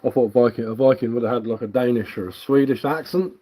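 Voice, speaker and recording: Quick and mellow in a mid-range voice, with a bit of hiss or hum, the English woodcarver streams his bushcraft session. His London Cockney carries some Sussex, and he chats casually, wandering a little, while answering viewers.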